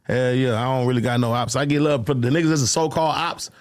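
A man's voice: mid-range voice, quick pace, dry recording, clean studio sound. A young man with a Houston accent, a rapper as the interview guest, telling loose slangy stories in casual chat. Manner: loose, slangy, rambling storytelling.

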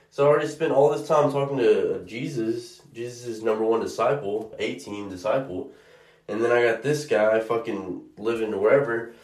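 A food delivery driver with a mid-range, somewhat dark voice tells a casual story at a moderate pace, full of swearing and exasperation. He acts out both sides of each conversation, and the audio is reverberant.

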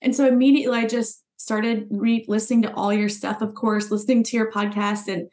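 Woman guest, pitch on the high side, earnest and emphatic, relives her own thoughts aloud. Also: little pitch movement, fairly quick, darkish tone. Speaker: podcast guest, former client. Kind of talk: personal story told in conversation.

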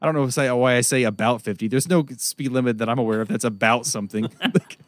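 A man telling a long story as a podcast co-host, profane and animated, laughing often. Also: medium pitch, quick pace. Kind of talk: casual storytelling chat.

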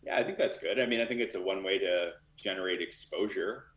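A man's voice: sits low, brisk, fairly bright tone, echoey room. A man talking casually and candidly as a guest in an interview, with lots of fillers. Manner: loose and candid, many fillers. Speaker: literary manager.

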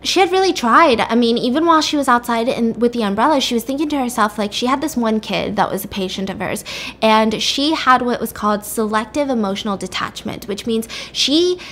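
A young woman hosting a podcast, casually recapping a story in an animated way and swearing playfully now and then. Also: on the high side, fairly quick. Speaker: podcast host.

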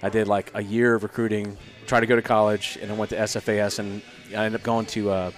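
A lowish-voiced man in his thirties speaks at a quick pace over soft background music. The former Army Ranger and Green Beret is a podcast guest in a casual storytelling chat, animated as he voices the people he quotes and liberal with his swearing.

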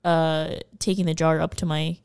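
A woman co-hosting a casual podcast, her first language Spanish. Her voice sits a little low, and she rambles, swears freely and leans on fillers as she chats. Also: level tone, normal speed, a little mellow, clean tone. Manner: chatty, swears a lot, lots of fillers. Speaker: podcast co-host. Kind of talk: casual chat.

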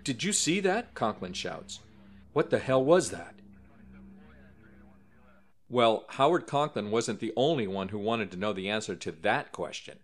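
A man narrating a documentary-style story in a scripted, dramatic way, lifting his voice for quoted lines. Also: lowish voice.

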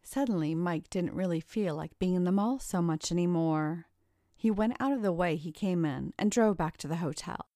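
Low-voiced woman narrating a story. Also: moderate pace, dark tone, dry recording, studio quality. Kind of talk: audiobook narration.

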